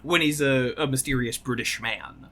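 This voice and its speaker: A man chatting casually on a podcast, joking and now and then jumping into goofy high voices. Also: normal speed, over a noisy crowd. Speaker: podcast co-host. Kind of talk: casual chat.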